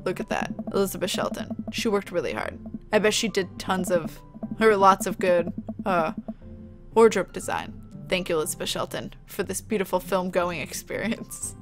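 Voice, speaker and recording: A woman doing a gruff, solemn older dad. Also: lowish voice, moderate pace, over music, lightly acted. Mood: reverent. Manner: solemn, fussy about credits. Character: gruff older male film lover, earnest.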